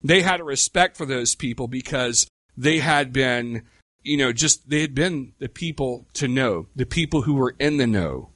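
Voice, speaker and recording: A middle-aged man preaching a sermon in a conversational way, with rhetorical questions and slow, emphatic pauses. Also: medium pitch, lively intonation, fairly bright tone, no echo, clean studio sound. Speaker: pastor.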